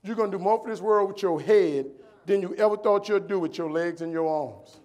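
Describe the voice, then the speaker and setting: A calm, reassuring God, as a man puts him on in a story, speaking steadily and kindly. The lines open quickly and slow near the end. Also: high-pitched, lightly acted.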